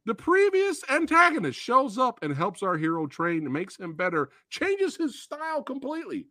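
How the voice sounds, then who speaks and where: A man's voice rises and falls all over the place as he rants with glee about movies he loves, dropping curses along the way. His tone is bright and forward, and the recording is dry and close, with almost no room sound. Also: extremely high pitch, moderate pace, no echo. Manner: excitable, profane, acts out movie quotes. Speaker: podcast host. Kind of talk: casual movie chat.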